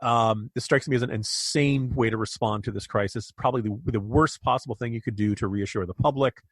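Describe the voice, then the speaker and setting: A man's voice: medium pitch, a little fast, no echo, clean studio sound. An American man co-hosting a political podcast, speaking emphatically and indignantly with frequent restarts. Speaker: podcast co-host. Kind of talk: political commentary.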